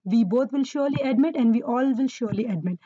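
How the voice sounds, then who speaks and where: A woman's voice: on the high side, fast talker, warm tone, breathy edge, dry recording, muffled recording. A woman teaching Arabic grammar to learners, patiently repeating key words and quizzing her listeners. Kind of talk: explaining Quranic Arabic grammar.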